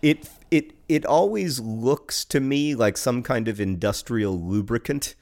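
A man's voice: mid-range voice, unhurried, darkish tone. A man co-hosting a podcast in casual chat, dry and wry, leaning on "like" as filler. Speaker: podcast co-host.

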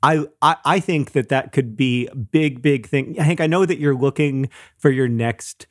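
A man co-hosting a casual podcast, talking in an animated way and reading listener mail aloud with laughs. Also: medium pitch, moderate pace, no echo, studio quality. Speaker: podcast co-host. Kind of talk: casual chat.

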